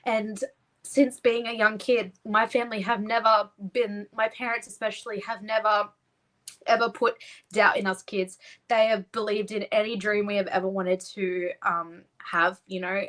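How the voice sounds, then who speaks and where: A woman's voice: mid-range voice, level tone, measured pace, a bit bright, low-quality recording. A young woman with an Australian accent, talking earnestly and at length as an interview guest. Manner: earnest, heartfelt, rambling. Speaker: pageant winner guest. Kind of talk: casual interview chat.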